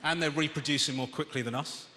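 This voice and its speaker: A man doing a stand-up comedy routine, ranting in exasperation and rising to shouts. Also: a little high, fairly even intonation, quick pace. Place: large theatre stage. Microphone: stage microphone. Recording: echoey theatre, long reverb, audience noise.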